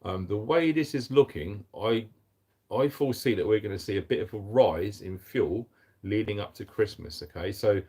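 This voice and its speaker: A man's voice: fairly low pitch, moderate pace, mellow, slightly rough. A man hosting a live stream in a casual, upbeat way, greeting viewers and reading out their comments. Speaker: livestream host.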